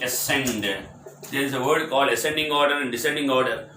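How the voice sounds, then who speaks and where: A man teaching English vocabulary, spelling words out letter by letter, explaining each meaning and repeating it, asking if it is clear. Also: mid-range voice, moderate pace, bright, forceful tone. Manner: repetitive, explanatory. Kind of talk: vocabulary lesson. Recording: echoey room with faint ambient noise.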